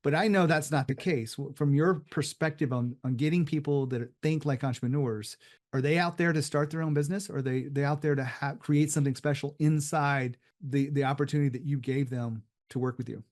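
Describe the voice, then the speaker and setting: A man's voice: on the high side, steady tone, a little fast, a little mellow. A man hosting an interview show on leadership, asking questions and adding reflective, motivational asides. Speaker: podcast host.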